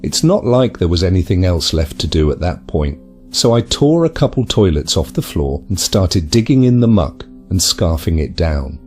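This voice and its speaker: Man playing a low-voiced trash goblin, outcast, bitter confessional tone, lively ups and downs, mellow. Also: moderate pace, faint music behind. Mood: rueful. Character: lonely male trash goblin creature, outcast. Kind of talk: dramatized video narration.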